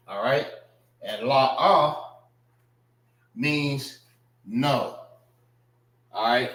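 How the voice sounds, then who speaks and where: A man's voice: mid-range voice, animated, a bit bright. Patient male class teacher, echoey room. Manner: patient, repeats words slowly, spells them out. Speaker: class instructor. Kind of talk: classroom lesson on writing and pronunciation.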